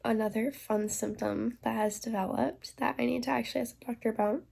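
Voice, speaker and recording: A woman's voice: on the high side, fairly even intonation, a little fast, gravelly, darkish tone, husky. A young woman vlogging candidly about her pregnancy, nauseous and stuffy, chatting loosely with lots of "like" and "um" into a phone held at arm's length. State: nauseous and congested. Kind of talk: casual pregnancy vlog.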